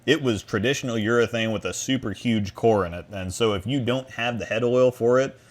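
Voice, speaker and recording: A man's voice: mid-range voice, a little fast. A man hosting a casual livestream over a video call, rambling through viewer questions with frequent restarts. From Midwest US. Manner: rambling, restarts phrases, answers chat questions. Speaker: stream host.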